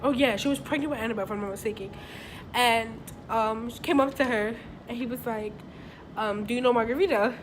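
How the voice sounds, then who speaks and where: High-voiced woman with noisy recording. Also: a little fast. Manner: loose, profane storytelling full of fillers. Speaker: vlog co-host. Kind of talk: casual storytime.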